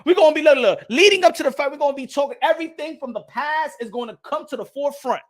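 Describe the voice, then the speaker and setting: Boxing vlog host, man with a high pitched voice, heated profane rant with shouty bursts. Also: fast. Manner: repeats phrases, laughs at own points. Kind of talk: casual boxing commentary vlog.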